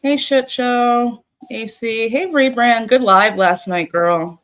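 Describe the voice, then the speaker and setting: Slow-talking woman host. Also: fairly high pitch, a bit bright. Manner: swears casually, laughs often. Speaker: livestream host. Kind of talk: casual live chat, greeting viewers.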